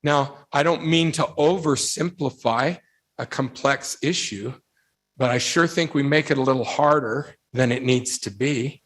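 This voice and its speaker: Speaking a little slowly in a mid-range voice, a youth speaker delivers a devotional talk to young people built on stories. He animates his anecdotes by performing the quoted voices, driving his message home with rhetorical questions and forceful repetition.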